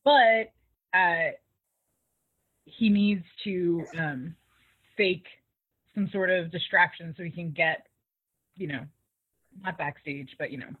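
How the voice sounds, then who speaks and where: Woman co-host rambling through a recap, husky, thin phone sound, dead dry. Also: on the low side, slow pace, pauses often, no room sound, narrow, tinny audio. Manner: animated, laughing, acts out quoted lines. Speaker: podcast co-host. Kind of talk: casual recap chat.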